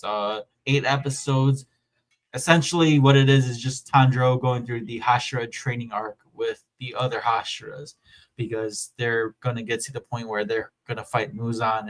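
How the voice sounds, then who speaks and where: A man hosting a casual podcast chat, his voice lively and rising and falling as he retells scenes. He sits at a middle pitch and laughs as he talks, with the loose feel of friends catching up. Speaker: podcast host.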